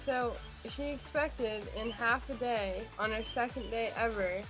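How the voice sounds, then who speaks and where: A woman's voice: fairly high pitch, steady tone, measured pace, over music. A young woman casually and earnestly explaining what happened, talking to camera for a vlog. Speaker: vlogger.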